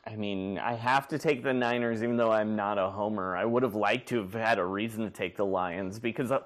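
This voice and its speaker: A man guesting on a podcast as a comedian, making quick, joking football picks. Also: lowish voice. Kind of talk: casual sports chat.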